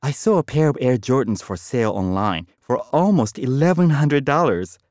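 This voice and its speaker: A man's voice: mid-range voice, animated, moderate pace, darkish tone, dry recording, clean studio sound. A man speaking in a scripted lesson dialogue, explaining things.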